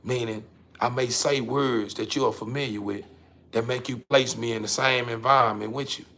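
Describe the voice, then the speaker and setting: A man hosting his own show, delivering a casual, emphatic monologue to the camera that he keeps repeating himself through, swinging between loud and quiet. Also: medium pitch, steady tone, normal speed.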